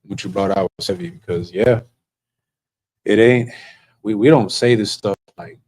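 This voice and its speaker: A man's voice: on the low side, measured pace, a little mellow, poor audio. A man who serves as an officer of a religious group, telling stories in a casual, earnest way. He rambles and restarts often. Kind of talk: casual storytelling.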